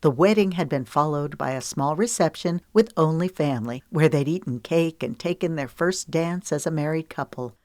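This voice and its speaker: Woman reading an audiobook, low voice, dry close sound, steady pace. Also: no echo. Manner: even, measured storytelling. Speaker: audiobook narrator. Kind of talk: scripted audiobook narration.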